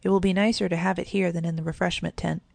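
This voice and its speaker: A woman voicing a gentle, warm-hearted mother in a storybook, speaking softly. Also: fairly low pitch, little pitch movement, fast talker, creaky, dry recording. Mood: motherly. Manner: soft, motherly.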